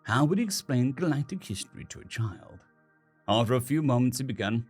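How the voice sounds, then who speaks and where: A man narrates a story in an expressive, scripted way. His voice is husky and slightly breathy. His pitch moves in a lively, animated way, and faint background music plays behind him. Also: fairly quick.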